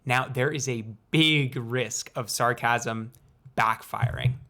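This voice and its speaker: A young man, a student video creator, explaining things in a casual vlog, playful and unhurried, with deliberate pauses. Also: medium pitch, bright, forceful tone.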